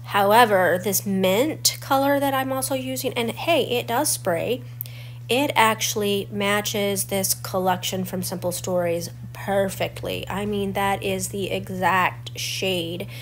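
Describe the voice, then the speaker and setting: A woman's voice: mid-range voice, takes it slowly. Stuffy-voiced woman narrating a craft tutorial. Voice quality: crackly. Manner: chatty and explanatory, walking through each step. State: stuffy, congested from a cold. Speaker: scrapbooking channel host.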